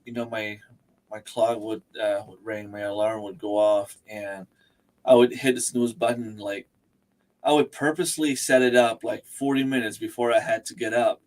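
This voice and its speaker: A man's voice: lowish voice, steady tone, normal speed, a little mellow. Easygoing man hosting a livestream chat. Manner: easygoing, laughs often, greets and answers viewers by name. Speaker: livestream host. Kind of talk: casual chat. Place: home, livestreaming. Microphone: desk microphone and webcam.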